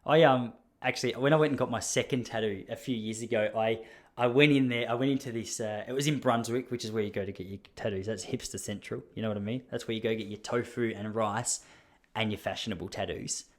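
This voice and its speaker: A man's voice: lowish voice, fairly even intonation, quick pace. An Australian man hosting a podcast, telling a rambling, self-deprecating story and often laughing. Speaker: podcast host. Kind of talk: casual storytelling monologue.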